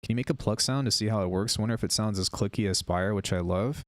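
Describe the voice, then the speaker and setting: A male music producer chats with viewers on a casual live stream while demoing software, rambling and sounding unsure of himself. His lowish voice moves at a quick pace, captured with clean studio sound and no echo.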